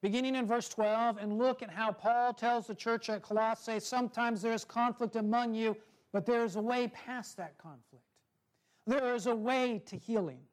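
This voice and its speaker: A man preaching a sermon, telling a story and reading scripture in a slow, measured way with soft, dropping phrase ends. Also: very high-pitched, steady tone.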